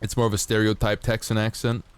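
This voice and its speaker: A man's voice: lowish voice, level tone, fast, clean tone, no room sound. A man streaming a game, chatting casually and jokingly, swearing often and reading game text aloud. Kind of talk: casual gameplay commentary. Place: home streaming setup.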